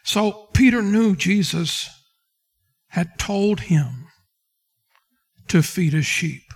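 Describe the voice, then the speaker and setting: Man pastor, high-pitched, preaching a sermon and acting out scripture scenes. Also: animated, drawn-out words, husky. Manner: preaching with King James quotes and dramatic retellings.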